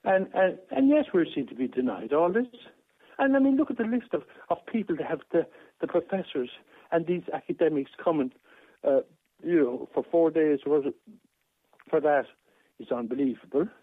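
Phoning in to a radio talk show from Ireland, this aggrieved caller has a fairly high, animated voice with a breathy edge, speaking at normal speed. The line is tinny and the recording dry, and he rambles, restarting and repeating himself a lot.

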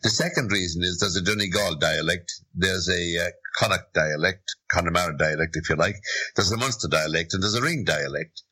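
A man's voice: deep voice, fairly quick, bright, forceful tone, slightly rough, low-quality recording. A man with an Irish accent hosting a talk show, speaking emphatically and with strong opinions. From Ireland.

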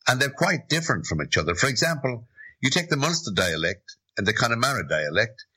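A man's voice: medium pitch, very animated, a little fast, bright, forceful tone, breathy edge, low-quality recording. A man with an Irish accent hosting a talk show, speaking emphatically and with strong opinions. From Ireland.

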